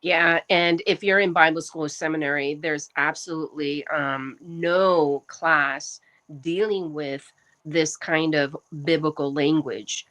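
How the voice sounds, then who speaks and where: A woman with a very low voice hosts a casual discussion. She explains her points earnestly and fills pauses with frequent ums. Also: fairly even intonation, a bit bright, rough recording. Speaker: host.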